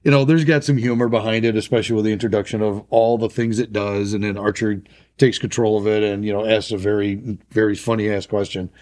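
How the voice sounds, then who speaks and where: A man co-hosting a podcast about firearms in casual chat, relaxed and rambling, often restarting his sentences. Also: on the low side, fast talker. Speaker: podcast co-host.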